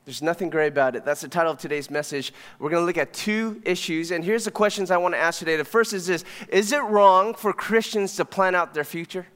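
A man preaching as pastor, telling stories in a casual, animated way. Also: sits high, a little fast, few pauses. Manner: conversational storytelling, animated. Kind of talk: sermon. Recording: long hall reverb.

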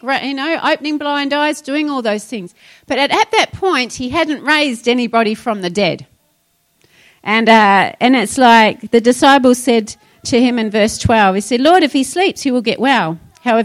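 A woman pastor, preaching a sermon in a conversational way and retelling scripture with asides. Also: on the high side.

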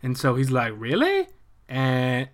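A young man breezily recapping a film's plot, swearing freely and slipping into quick voices for each character. His voice is bright and forward, pitched a bit above most men's. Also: clean tone. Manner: animated, profane retelling with quick voiced asides for characters. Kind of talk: casual movie plot recap.

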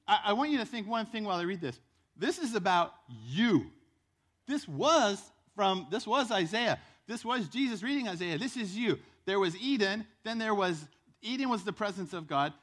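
A man's voice: sits high, expressive, normal speed, fairly bright tone. A man preaching a sermon in a church, fervent and exhortative, repeating phrases for emphasis. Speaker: pastor. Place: church sanctuary.

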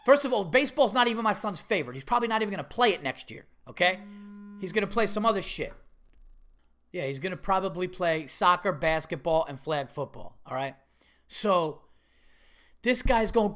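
A middle-aged man hosting a podcast, telling a story in a casual, animated and exasperated way, swearing freely. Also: sits high, a little fast. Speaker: podcast host.

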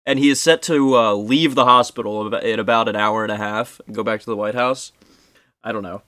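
A young man co-hosting a podcast, making deadpan jokes and swearing in casual banter. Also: on the low side, brisk, dry recording. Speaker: podcast co-host.

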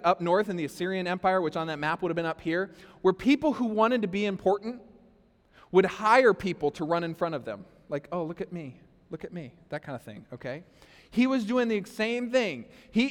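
A man preaching a sermon as pastor, animated and conversational, talking straight to the congregation. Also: high-pitched, big-room sound. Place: church hall.

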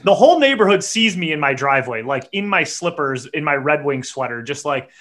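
Animated, profane man telling a story. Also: fairly high pitch, a little fast. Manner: animated and profane, voice jumps up when acting out his own yelling. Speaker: podcast host. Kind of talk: casual storytelling rant.

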